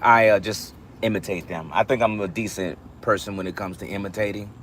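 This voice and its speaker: A man's voice: lowish voice, fairly even intonation, brisk, fairly bright tone, a little hiss or hum. A man chatting casually with live viewers from his parked car, laughing often and answering comments as they come in. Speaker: livestream host. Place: parked car at a store pickup.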